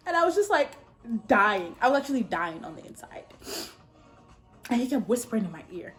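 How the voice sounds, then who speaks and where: Doing her makeup at home, a young beauty vlogger in her twenties recounts a dating story at a slightly fast pace over soft background music. Her sassy, animated delivery erupts now and then into loud, high outbursts.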